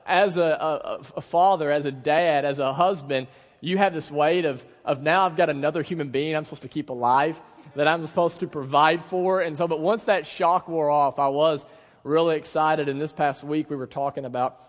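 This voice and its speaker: A man in his thirties, a pastor preaching a sermon in a church, telling stories in a relaxed, conversational, self-deprecating way. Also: on the high side, normal speed. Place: church sanctuary. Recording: long hall reverb.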